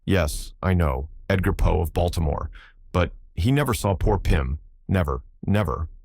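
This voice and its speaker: A man voicing a hoarse, rough-spoken sailor who talks in halting, broken phrases and keeps begging to be understood. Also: sits low, expressive, darkish tone, no echo, clean studio sound, full character voice. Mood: insistent. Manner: repeats himself, pleads to be understood. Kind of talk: audiobook character voice.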